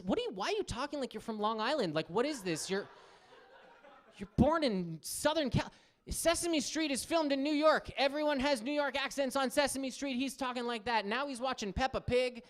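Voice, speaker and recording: A man in his thirties doing a stand-up comedy set on a club stage, telling animated stories and acting out the people in them. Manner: animated storytelling, acts out quotes in higher voices.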